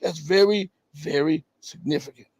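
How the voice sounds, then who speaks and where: A man with a high, husky voice hosts a live stream from his home setup. He reads viewer chat and comments on it with emphatic, rising stresses, and turns low and offhand between points. The sound is dry and close. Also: moderate pace, darkish tone, no room sound. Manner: emphatic, rises in pitch to stress points, then drops low and casual reading chat. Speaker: livestream host.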